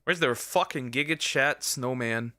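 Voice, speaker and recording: Bright-voiced young man riffing on a video. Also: mid-range voice, unhurried, soft background music. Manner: rambling, jokey, full of slang and restarts. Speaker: streamer reacting to a video. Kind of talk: casual reaction commentary.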